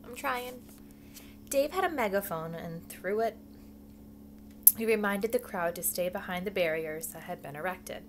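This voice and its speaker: A woman's voice: lowish voice, lively intonation, normal speed, a little hiss or hum. A woman reading a children's book aloud at home, with casual asides. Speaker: reader.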